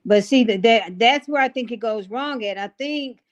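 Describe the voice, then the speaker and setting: Frank woman guest on dull lo-fi audio. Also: fairly high pitch. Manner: frank, opinionated, with 'um' pauses. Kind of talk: casual chat.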